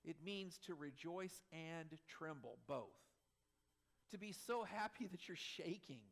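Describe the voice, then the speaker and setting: Animated pastor preaching a sermon. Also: male voice, fairly high pitch, takes it slowly, vocal fry. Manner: animated, swings between loud emphasis and soft asides, chuckles.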